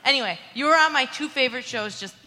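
A woman's voice: high voice, expressive, quick pace, pushed and bright. A woman in the audience gushing over her favorite actors, full of likes and giggles. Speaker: audience member asking a question. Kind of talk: fan question at a live panel. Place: theater with a live audience. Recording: long theater reverb.

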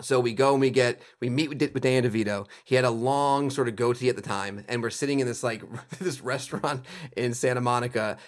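A male comedy writer and producer, a podcast guest, telling a story in a lively, quick, run-on way with lots of "like"s and frequent laughter. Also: medium pitch.

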